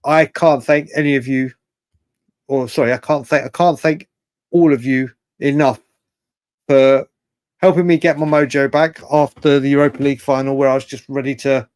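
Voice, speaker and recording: A man hosting a late-night live fan stream, rambling and excitable, thanking chat viewers by name. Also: medium pitch, moderate pace, smooth, dry recording. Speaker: fan channel host.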